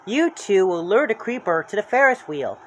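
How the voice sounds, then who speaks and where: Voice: mid-range voice, big pitch swings, normal speed, a bit bright, a little hiss or hum, pitched above the performer's own voice. A storybook reader voicing a smart, practical young woman laying out a plan in a plain, instructive way.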